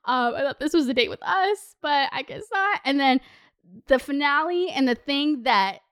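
High-voiced young woman, chatty and profane. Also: normal speed. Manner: animated, swears a lot, lots of "like" fillers. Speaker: podcast host. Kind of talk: casual storytime chat.

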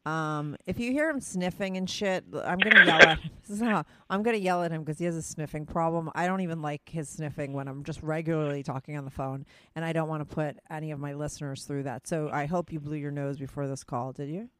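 A woman's voice: sits low, fast talker, hardly any pauses, no echo. A woman in her thirties with a New Jersey or New York accent, hosting a podcast and chatting bluntly, teasing a friend with lots of fillers. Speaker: podcast host. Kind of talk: casual chat over a phone call.

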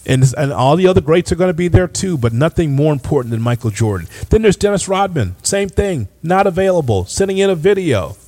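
A man's voice: fairly high pitch, very animated, fairly quick, few pauses, darkish tone. A man hosting a sports podcast, ranting in an exasperated, emphatic way. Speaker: podcast host. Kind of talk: opinionated sports commentary.

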